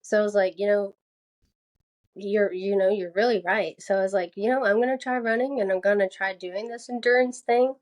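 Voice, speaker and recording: A woman's voice: medium pitch, fairly even intonation, normal speed, a little mellow. A young woman from the American South chatting casually as a podcast guest, laughing often and filling her speech with "like". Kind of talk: casual interview chat.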